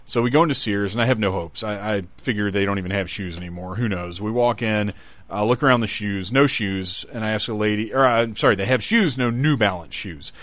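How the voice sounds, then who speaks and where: A middle-aged man from the Southern United States tells a long, rambling story straight to his listeners. His voice sits low, and he pokes fun at himself in a casual, chatty way. The recording is dry and close, with no room sound. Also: a little fast, a bit bright, dry recording. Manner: rambling, self-deprecating, chatty. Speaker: podcast host.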